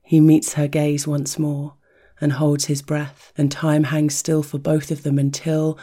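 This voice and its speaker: A narrator reading an intimate erotic story in a soft, hushed, rhythmic voice that often drops to a whisper. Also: medium pitch, level tone, slow pace, breathy edge.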